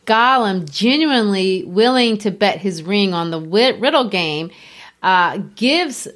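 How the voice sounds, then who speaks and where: A woman's voice: mid-range voice, a bit bright. Woman explaining literature like a teacher. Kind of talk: casual literary lecture.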